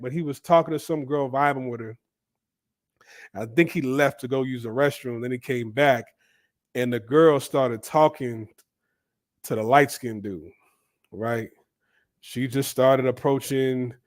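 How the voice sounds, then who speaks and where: A man, telling a story in a loose, chatty way, full of fillers and restarts. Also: on the high side. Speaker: vlogger. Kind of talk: casual storytelling.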